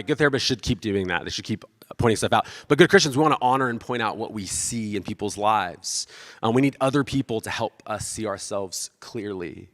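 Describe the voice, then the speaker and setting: A man's voice: mid-range voice, a bit bright, big-room sound. A man giving a casual, conversational sermon as pastor, self-deprecating and acting out the voices of the people he quotes.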